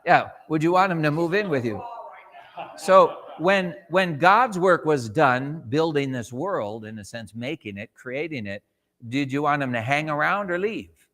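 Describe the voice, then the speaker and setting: A Sabbath school teacher leads a church Bible class conversationally, asking the class questions and acting out short quotes. His voice is a little high and fairly bright, with lively intonation at a normal speed, and a long hall reverb surrounds it.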